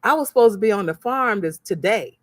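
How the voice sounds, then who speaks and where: A woman's voice: mid-range voice, animated, fairly quick, no echo, clean studio sound. A woman talking to her viewers in a motivational livestream, telling stories animatedly, acting out the voices of the people in them, and repeating phrases for emphasis like a preacher. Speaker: crafts seller and vlogger.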